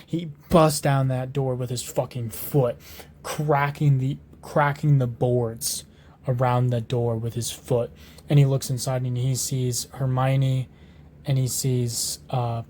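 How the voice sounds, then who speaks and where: A man's voice: mid-range voice, flat delivery, slow pace, darkish tone, slight background noise. A man improvising a fan story, rambling on with lots of fillers, restarts and swearing.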